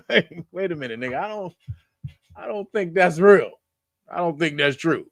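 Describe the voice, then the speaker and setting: Animated, profane man reading news. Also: high voice, moderate pace, pauses often, no room sound, studio quality. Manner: profane, laughing, mocking asides between read headlines. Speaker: show host reading news. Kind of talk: casual news commentary.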